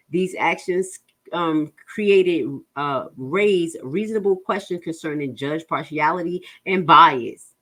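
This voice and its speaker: A woman with a New Jersey accent works through a legal filing for her viewers, reading in halting stretches full of fillers and restarts. Her voice sits a little low and she breaks off now and then to talk straight to her audience. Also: fairly bright tone. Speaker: legal commentary host.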